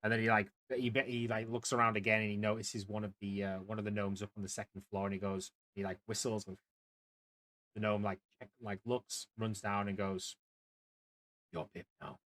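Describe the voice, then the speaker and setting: Rambling low-voiced male game master. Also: level tone, fairly quick, fairly bright tone. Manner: rambling, many fillers and restarts. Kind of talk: narrating a tabletop game.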